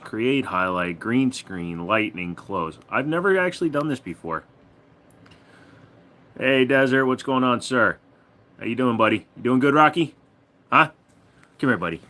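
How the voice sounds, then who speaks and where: Male streamer, loose and profane, animated pitch. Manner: swears freely, talks to his dog in a high singsong. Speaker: live streamer. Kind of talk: casual live stream chat.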